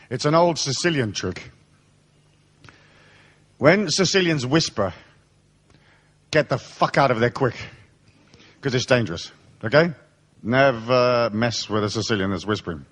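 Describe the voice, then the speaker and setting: A man giving a live seminar, telling blunt, profane stories in a lively way. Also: medium pitch. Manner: animated storytelling, blunt and profane. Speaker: seminar speaker. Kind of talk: live seminar talk with anecdotes.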